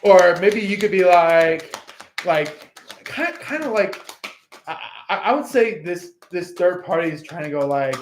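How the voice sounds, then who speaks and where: A man's voice: high voice, unhurried, a little hiss or hum. A man giving a casual tarot reading in a rambling way, with many fillers, and acting out quotes in an echoey room. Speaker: tarot reader.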